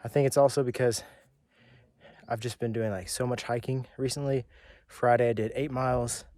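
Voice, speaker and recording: A man's voice: medium pitch, steady tone, normal speed, a little mellow, no room sound. Worn-out man vlogging on a mountain summit. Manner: earnest, plain-spoken, tired. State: out of breath. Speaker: travel vlogger. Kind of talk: casual hiking vlog. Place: outdoors on a mountain.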